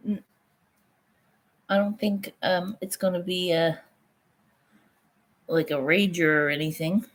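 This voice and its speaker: Slow-talking, chatty woman streamer. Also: mid-range voice. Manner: chatty, swearing, laughing often. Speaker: livestream host. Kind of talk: casual livestream chat reading comments.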